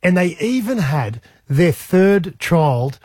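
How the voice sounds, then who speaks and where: A man's voice: fairly high pitch, very animated, slow pace, a little mellow, husky, dry recording. An Australian man hosting a breakfast radio show, chatting and telling jokey stories in a studio. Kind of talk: casual radio banter. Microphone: studio mic with headphones.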